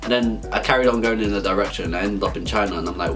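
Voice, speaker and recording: A young man telling an absurd comic story in a rambling, stumbling, deadpan way. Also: fairly low pitch, racing, hardly any pauses. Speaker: vlogger. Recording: faint background music.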